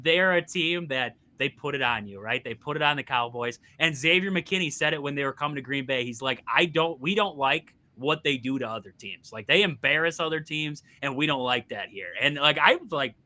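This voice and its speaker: A man with a very bright, forceful voice, pitched a little high, ranting animatedly about football. He talks casually on a sports podcast, exasperated and quick to laugh. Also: animated. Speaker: podcast co-host.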